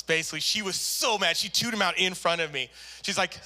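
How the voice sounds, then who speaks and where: Bright, animated male pastor storyteller. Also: high voice, brisk. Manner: animated storyteller, acts out quoted voices. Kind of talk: sermon with personal story. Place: church service.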